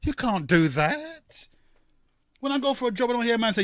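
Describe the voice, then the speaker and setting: High-voiced rambling male radio host. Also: huge pitch swings, no room sound, clean studio sound. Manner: rambling, halting with many fillers. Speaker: radio talk show host. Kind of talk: call-in radio talk.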